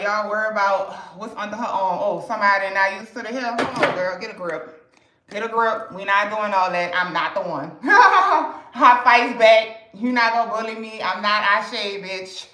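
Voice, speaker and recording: A woman's voice: medium pitch, a bit bright, echoey room, poor audio. A woman from New Orleans with a New Orleans accent, chatting bluntly and with lots of swearing on a livestream. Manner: blunt, profane, talkative. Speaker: live streamer selling to customers. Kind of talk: casual livestream chat.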